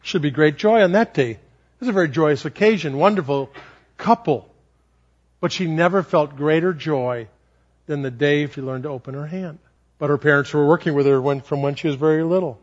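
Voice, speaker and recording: Animated male preacher in a lo-fi recording. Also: on the high side, normal speed. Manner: animated, repetitive. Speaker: pastor. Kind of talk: sermon storytelling. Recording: lo-fi sermon recording.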